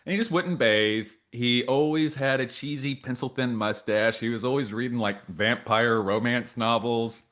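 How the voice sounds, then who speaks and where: A man in his thirties co-hosting a podcast, telling stories in casual chat and acting out the quotes loudly. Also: mid-range voice, normal speed, hardly any pauses. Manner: animated storyteller, acts out quotes loudly. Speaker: podcast co-host.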